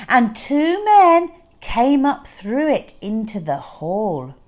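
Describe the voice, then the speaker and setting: A woman reading a children's storybook aloud, expressive and unhurried. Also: mid-range voice, creaky.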